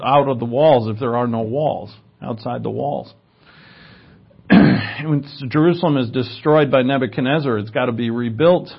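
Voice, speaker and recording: Through a slightly muffled, lo-fi recording, a husky-voiced man of ordinary middle pitch teaches a sermon. He keeps it easygoing and chatty, wandering off on tangents and using filler words.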